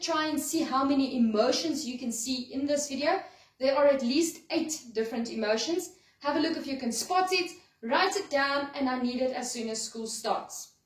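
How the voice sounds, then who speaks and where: A woman teacher, her voice high, talking her pupils through a lesson in a friendly, explaining way. The sound is roomy and echoey, with her voice set back from the mic. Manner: friendly, explains with acted-out examples. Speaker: schoolteacher. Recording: echoey room, voice a bit far from mic.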